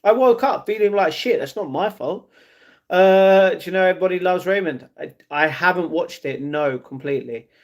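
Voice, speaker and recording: A man's voice: high-pitched, moderate pace. A young man chatting casually on a livestream, reading and answering his chat, often adding "you know what I mean". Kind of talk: casual live-stream chat.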